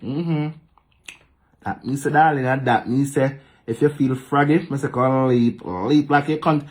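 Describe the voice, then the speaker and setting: A man with a Jamaican accent ranting to camera in patois, animated and repetitive, talking back to commenters. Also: medium pitch, a little slow. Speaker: social media vlogger. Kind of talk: casual ranting monologue to camera.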